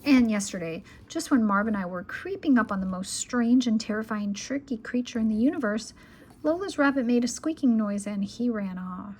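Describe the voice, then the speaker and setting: A woman reading a children's picture book aloud in a calm, gentle bedtime manner, at times sinking to a whisper. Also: fairly high pitch, moderate pace. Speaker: children's storyteller.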